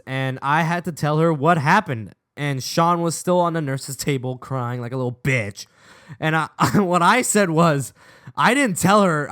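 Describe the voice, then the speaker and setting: Over footage of a game, a young male vlogger with a smooth, mid-range voice shares a personal anecdote, cracking up and cursing freely throughout.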